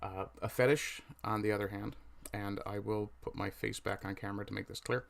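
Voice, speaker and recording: A man with a low voice hosts a casual home livestream, talking loosely to his chat. He pauses often and fills the gaps with ums and uhs. His mic sits right under his chin. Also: fairly even intonation, gravelly. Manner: hesitant, many fillers, reads chat aloud. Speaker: livestream host.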